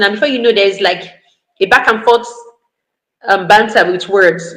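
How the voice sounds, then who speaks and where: A woman's voice: mid-range voice, normal speed, fairly bright tone. Woman, parenting educator, earnest repeating delivery, echoey video-call sound. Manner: earnest, repeats points for emphasis. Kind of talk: online parenting talk. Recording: roomy echo.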